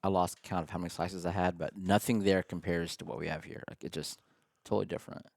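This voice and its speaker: A man from Kansas hosts a casual podcast chat, enthusiastic and constantly chiming in with yeahs. His voice sits very low. The sound is close and dry. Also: steady tone, fast talker, vocal fry, no echo. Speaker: podcast host.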